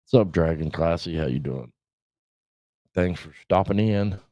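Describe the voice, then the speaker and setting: He speaks at a measured pace in a deep, mellow voice, with no room sound. The middle-aged podcast host runs a casual livestream full of rambling, profanity, and frequent laughter, heard through dull lo-fi stream audio.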